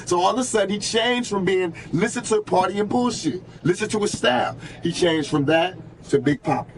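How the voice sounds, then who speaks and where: A man in his twenties telling stories in a radio interview, animated, emphatic and profane. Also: high-pitched, fairly quick, slight background noise. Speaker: rapper guest.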